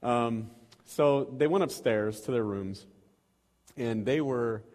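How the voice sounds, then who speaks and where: A man's voice: mid-range voice, slow, a little mellow. A man in his thirties or forties giving a casual, self-deprecating sermon and prayer at a church, rambling with restarts and chuckles. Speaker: lay preacher. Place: church sanctuary. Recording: reverberant church hall.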